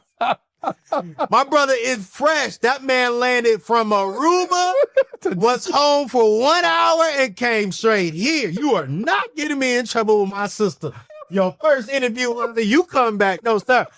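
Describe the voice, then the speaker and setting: A man's voice: very high-pitched, expressive, a little slow, fairly bright tone, dry recording. A man hosting a podcast interview, playful and teasing in casual talk. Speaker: podcast host.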